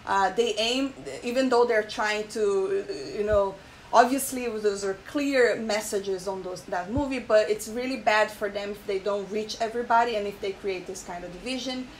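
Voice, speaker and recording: A woman hosting her own channel, chatting emotionally in casual commentary with many fillers, pausing to read an article aloud. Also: medium pitch, a little hiss or hum, poor audio. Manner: emotional, frequent fillers and repeated "okay?". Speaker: channel host.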